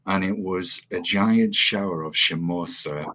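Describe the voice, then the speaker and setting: A man's voice: low voice, a little slow, bright, forceful tone. A man hosting a casual chat, rambling with many fillers and frequent laughter. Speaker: podcast host.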